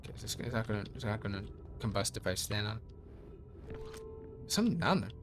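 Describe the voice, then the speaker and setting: A young man playing a game blind, thinking aloud and reading its lore text in a measured voice. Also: on the low side, very animated, over music. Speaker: let's play streamer.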